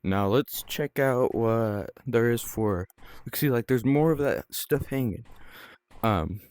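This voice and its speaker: A man's voice: medium pitch, slow pace, a little mellow, no room sound. A man hosting his own gaming channel, chatting casually as he plays, rambling and filling his talk with ums, restarts and trailing-off phrases. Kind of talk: casual gameplay commentary.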